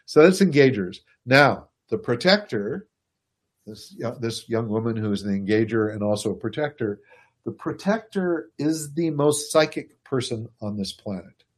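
A man giving a casual, animated explanation to a listener, chuckling and speaking to them directly. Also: mid-range voice, moderate pace. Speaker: speaker explaining personality types.

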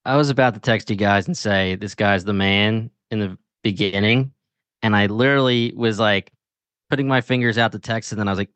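Animated man in casual show chat. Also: fairly low pitch, a little fast, dry recording. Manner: animated, slangy, laughs while telling. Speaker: podcast co-host.

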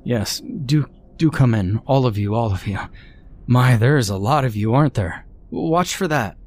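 Man doing a twittery undertaker, fussy, raised pitch. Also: animated, measured pace, a little mellow. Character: fussy eccentric male mortician.

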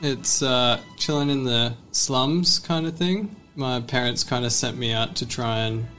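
A man playing in a tabletop game, laid-back and deadpan. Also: mid-range voice, unhurried, soft background music. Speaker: player.

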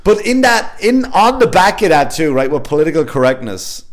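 A man's voice: fairly high pitch, moderate pace. A man hosting a casual podcast chat, telling stories with lots of swearing and acted-out voices. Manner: animated storyteller, swears freely, acts out voices.

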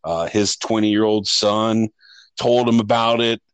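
A man's voice: fairly low pitch, level tone, unhurried, smooth, dry recording, low-quality recording. A man co-hosting a podcast, telling a long rambling story with lots of swearing and restarts. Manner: rambling, profane, restarts often. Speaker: podcast co-host. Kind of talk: casual storytelling chat.

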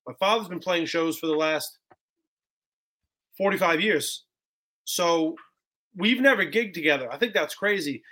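Bright-voiced young man, excitable and chatty. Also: fairly high pitch, unhurried, pauses often. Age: 20s. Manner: excitable, full of "bro" and "like". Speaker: guest musician. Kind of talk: casual podcast chat.

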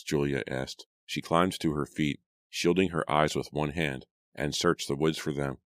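A man narrating an audiobook in a steady, measured storytelling manner. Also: very deep voice, no room sound, clean studio sound. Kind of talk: scripted narration.

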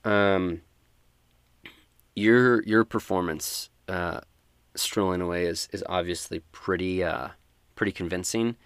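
A man narrating a tabletop role-playing game as game master, relaxed with many fillers. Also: deep voice, slow, pauses often, clear, resonant tone, dry recording.

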